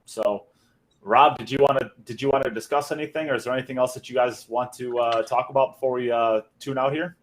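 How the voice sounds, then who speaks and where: A man hosting a podcast in casual chat, talking loosely with lots of uhs and restarts. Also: medium pitch. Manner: loose, filler-heavy delivery with frequent uhs. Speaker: podcast host.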